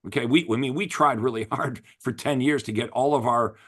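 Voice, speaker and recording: An enthusiastic man coaching real estate agents in a casual interview chat. His voice sits at an ordinary middle pitch, and he talks with emphatic, motivating energy. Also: fairly quick, a bit bright.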